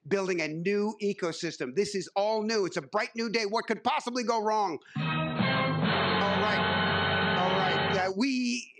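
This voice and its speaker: A man is delivering a keynote on a conference stage, and his voice sits high for a man. He talks in a loose, wry way, breaking off for jokes and dotting his sentences with "uh". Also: very noisy. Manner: wry, joking asides with frequent uh fillers. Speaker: keynote speaker.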